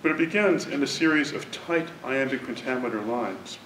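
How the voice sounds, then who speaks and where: A man introducing a poet at a university event, reading a prepared, deliberate academic introduction. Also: animated, fairly bright tone. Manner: measured, deliberate academic delivery. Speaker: lecture introducer. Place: university lecture hall. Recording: roomy hall from a distance, faint rumble.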